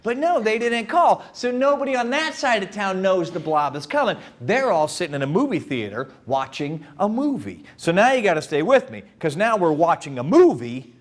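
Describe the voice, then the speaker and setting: A man telling a story live to a young audience, playful and animated, often turning to talk with the crowd. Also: high voice, normal speed, hardly any pauses. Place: live event before an audience.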